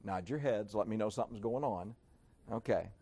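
A man preaching a sermon in an emphatic, sarcastic way, dropping to a hush and then rising again. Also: on the low side, normal speed, breathy edge. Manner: emphatic, sarcastic, swings between loud and hushed.

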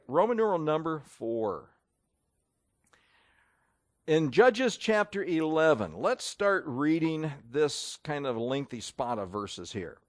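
A man preaching a sermon, emphatic and folksy, asking the congregation rhetorical questions. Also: medium pitch.

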